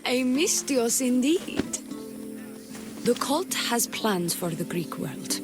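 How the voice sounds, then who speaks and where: Sultry flirty priestess, slow teasing talk, game music behind. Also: female voice, a little high, very animated. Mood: flirtatious. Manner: sultry, teasing, slips into breathy whispers. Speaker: game character. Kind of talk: video game voice acting.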